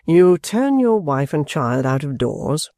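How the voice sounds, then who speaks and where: A man voicing an earnest young dramatist who speaks in a measured way. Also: on the high side, very animated, mellow, no echo, clean studio sound, voice pushed up.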